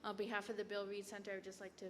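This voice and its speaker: A woman giving emotional thanks and presenting gifts at a public event, speaking quietly and haltingly with repeats. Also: medium pitch, completely flat delivery. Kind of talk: heartfelt public remarks. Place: lecture hall. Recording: reverberant hall with faint room noise.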